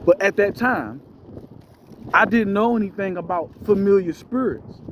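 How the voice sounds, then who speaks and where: A man's voice: high voice, moderate pace, background noise. A man telling a spiritual testimony in a casual, slangy way, calling his listeners bro. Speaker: storyteller giving a spiritual testimony.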